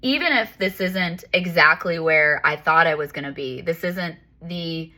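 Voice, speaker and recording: A woman's voice: lowish voice, a little slow, pushed and bright. A woman talking candidly as a life coach and yoga teacher, rambling with lots of fillers. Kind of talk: casual spiritual talk.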